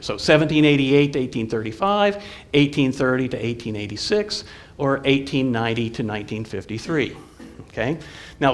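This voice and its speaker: A man in a middle-pitched voice gives a lecture to a live audience as a college professor would. He speaks in a friendly, halting way, with frequent filler sounds and restarts. He pauses now and then to quiz his listeners.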